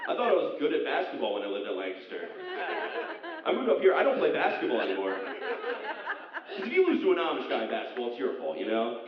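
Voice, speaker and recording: A man from central Pennsylvania doing a rambling, self-deprecating stand-up set on a casino club stage, slipping into silly high voices for bits. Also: wildly swooping pitch, a little fast, long pauses, a crowd in the background. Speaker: stand-up comedian. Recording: roomy, distant, dull club recording with audience. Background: audience laughter.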